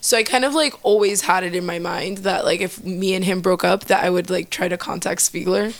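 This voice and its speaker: A woman's voice: lowish voice, steady tone, a little fast. A woman in her early twenties, a guest chatting casually and telling stories, filling her talk with "like". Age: early 20s. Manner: chatty storyteller, fills with "like". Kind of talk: casual interview chat.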